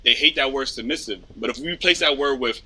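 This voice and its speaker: A man on a podcast panel talking in a slangy, animated way in casual discussion. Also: mid-range voice, fast talker, husky.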